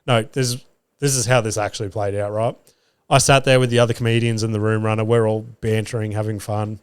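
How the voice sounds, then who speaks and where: A man's voice: on the low side, level tone, fairly quick, clean tone, dry recording, clean studio sound. An Australian man hosting a podcast, telling stories in a casual monologue, swearing freely and acting out what he said. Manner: swears freely, acts out his own quoted lines. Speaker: podcast host and stand-up comedian.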